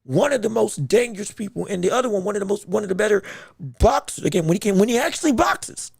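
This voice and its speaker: A man's voice: sits high, quick pace, creaky, breathy edge, no room sound, studio quality. A man hosting a live podcast who talks casually and playfully, often stumbling and restarting his sentences. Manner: animated, stammering restarts, playful. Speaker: podcast host. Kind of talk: casual livestream commentary.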